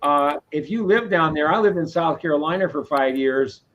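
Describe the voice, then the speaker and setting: A man's voice: on the high side, normal speed, dull audio. A man hosting a casual live-stream talk who rambles, repeats himself and speaks his mind, from Boston. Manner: rambling, opinionated, repeats words. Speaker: host.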